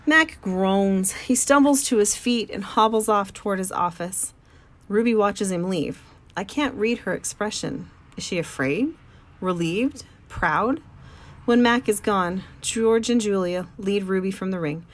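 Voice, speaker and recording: A woman narrating an audiobook in the first person, calm and full of wonder. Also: medium pitch.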